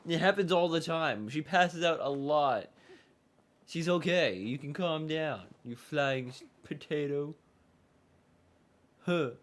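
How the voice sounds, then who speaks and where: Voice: mid-range voice, takes it slowly, long pauses. A streamer chatting loosely over gameplay, rambling, swearing casually and trailing off mid-thought.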